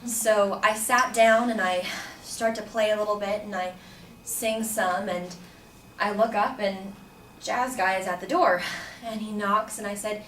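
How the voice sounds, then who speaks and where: A woman's voice: medium pitch, steady tone, measured pace, a bit bright. Woman telling a story in a roomy space. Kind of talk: personal story told to an audience. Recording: roomy, distant mic with faint background noise.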